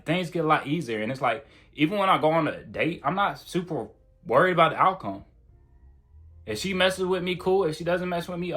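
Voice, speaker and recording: Man, self-improvement video creator, casual and blunt, conversational slang, mid-pitched voice. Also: fairly bright tone. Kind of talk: casual direct-to-camera advice.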